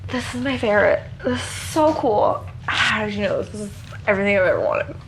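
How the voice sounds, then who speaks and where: A woman's voice: medium pitch, expressive, fairly quick, background noise, lightly acted. A woman voicing a fed-up young female crew officer who talks in breezy slang. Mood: exasperated. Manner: exasperated, valley-girl slang.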